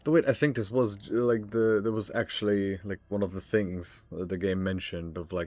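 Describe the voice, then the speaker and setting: A man's voice: lowish voice, fairly even intonation, moderate pace, few pauses, a little mellow, no echo. A man streaming a role-playing game, chatting casually and reading the game's text aloud, often stumbling over words.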